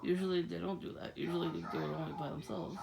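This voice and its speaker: Gravelly-voiced woman laughing through a rambling story. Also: on the low side, fairly even intonation, fast talker, a loud crowd, poor audio. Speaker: vlogger. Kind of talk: casual monologue to camera. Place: outdoors at night.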